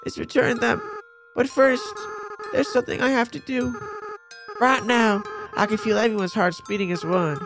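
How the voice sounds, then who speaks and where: A man voicing a gentle, remorseful young goat-monster boy, reading the game's dialogue in a soft, earnest way. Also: very high-pitched, fairly even intonation, normal speed, over music.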